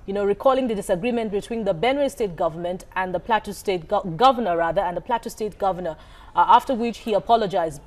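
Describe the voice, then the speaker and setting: A woman puts questions to a politician on a television news program at a middle pitch. She speaks in a measured way and lays out the background before she asks. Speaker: TV news interviewer. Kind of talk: TV news interview.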